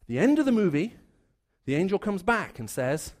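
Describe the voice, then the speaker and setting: A man preaching a sermon, earnest and building his points through repeated phrases, dropping to a hushed voice for his stories. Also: high-pitched, very animated, normal speed.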